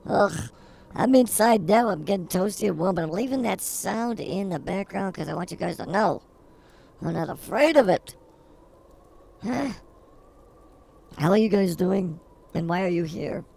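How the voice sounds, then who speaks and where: A woman's voice: lowish voice, creaky, dark tone. A woman co-hosting a comedy podcast, feisty and mock-combative in her banter. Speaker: podcast co-host.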